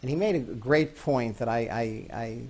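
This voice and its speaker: A man speaking at an average pitch, lecturing on grief and mourning. He tells stories with emphatic rises on key words and sometimes stumbles and restarts mid-sentence. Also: normal speed, darkish tone, husky. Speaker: psychologist lecturer. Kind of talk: recorded talk on grief and comfort.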